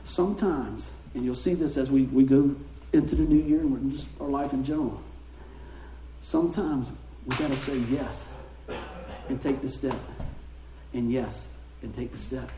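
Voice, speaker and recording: A male pastor, telling a story in a sermon in an animated, conversational way. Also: medium pitch, normal speed, a little hiss or hum. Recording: roomy hall echo.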